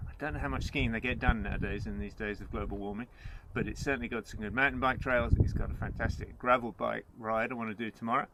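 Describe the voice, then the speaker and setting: A man's voice: on the low side, fairly even intonation, fast talker, few pauses. A man hosting a travel and cycling vlog, talking casually to camera outdoors in the countryside, chatty with wry jokey asides, sometimes while riding a bike. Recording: noisy outdoor recording. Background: outdoor background noise.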